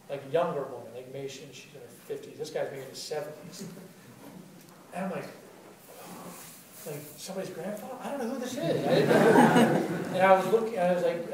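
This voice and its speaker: A man telling stories to a live audience in a chatty, animated way, full of fillers. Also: on the high side, recorded from a distance, slight background noise. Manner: animated, chatty, heavy use of "like". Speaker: storyteller at a spoken-word event. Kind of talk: live storytelling talk. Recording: very echoey room taped from afar.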